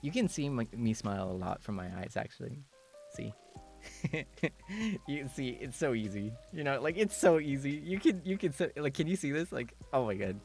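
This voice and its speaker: With vocal fry and a moderate pace, a man casually chats on stream over faint background music. His storytelling is animated, broken up by bursts of high laughter and acted-out quotes.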